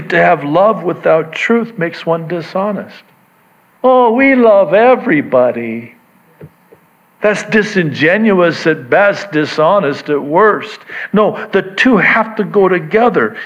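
A man preaching a sermon, unhurried, repeating key words and swinging between quiet asides and raised emphasis. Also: sits high. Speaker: pastor. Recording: dull lo-fi recording.

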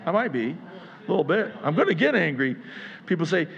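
A male pastor preaching a sermon at a church service, building to near-yelling intensity before settling back into a conversational tone. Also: on the high side, big pitch swings, fairly quick, vocal fry, slightly rough, muffled recording.

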